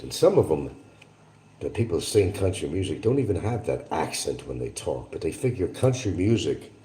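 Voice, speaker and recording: A man's voice: sits low, noisy background. An older man rambling in a casual, opinionated monologue to his viewers as a livestream host. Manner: opinionated, drifting, talks to viewers.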